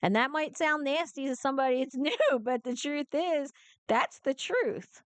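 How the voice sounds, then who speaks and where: A woman with a New Jersey accent, a truck driver giving casual reaction commentary, telling stories in an animated way and laughing as she talks. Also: high voice, moderate pace, dry recording. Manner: animated storytelling, gets fired up and laughs.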